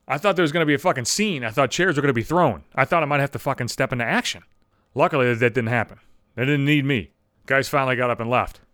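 A man hosting his own podcast, telling rambling comedic stories, profane and animated. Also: a little high, no echo, studio quality. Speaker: podcast host. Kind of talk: comedic storytelling monologue.

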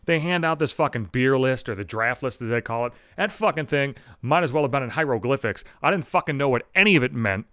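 A man hosting his own podcast, telling rambling comedic stories, profane and animated. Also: medium pitch, fast talker, few pauses, clean tone, dry recording, clean studio sound. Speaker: podcast host. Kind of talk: comedic storytelling monologue.

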